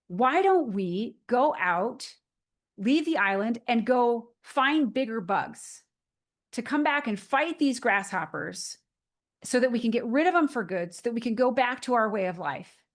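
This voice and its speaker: A woman voicing an eager, earnest young male ant inventor while retelling an animated film. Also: on the high side, unhurried.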